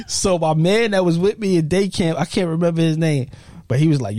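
A man's voice: a little high, expressive, dark tone, no room sound, clean studio sound. A man, co-hosting a podcast and telling a story in casual, slangy chat. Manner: laid-back, profane street slang, drawn-out telling. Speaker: podcast co-host.

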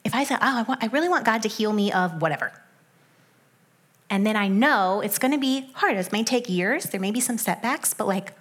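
A young adult woman giving a sermon in a conversational way, with animated asides that drop into soft, hushed stretches. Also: mid-range voice, brisk.

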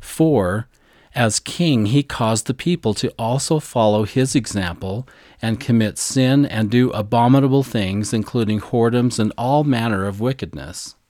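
A man co-hosting a scripture lesson podcast, eager and deliberate, carefully spelling out names and their pronunciations. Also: medium pitch, a little mellow, no echo, studio quality. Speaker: podcast co-host teaching scripture.

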